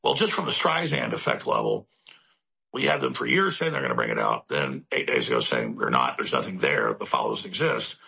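Deep gravelly man, rambling and emphatic. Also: huge pitch swings, sharp tone. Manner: rapid, rambling and emphatic, with stacked repetitions. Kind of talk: political commentary monologue. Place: studio in Central Texas.

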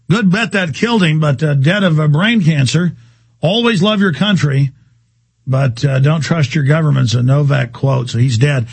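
A man hosting a talk radio show, ranting in a rambling, heated way. His voice sits a little high and has a husky edge. The sound is close and dry, with no room around it. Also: dry recording.

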